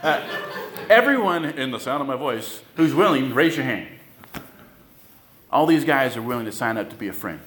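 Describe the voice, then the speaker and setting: A male pastor preaches in a casual, storytelling way, tossing out quick asides and questions to the congregation. His voice sits at an ordinary middle pitch. The sound carries a noticeable room echo from the church sanctuary. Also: lively intonation, fairly bright tone, slight background noise. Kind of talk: sermon.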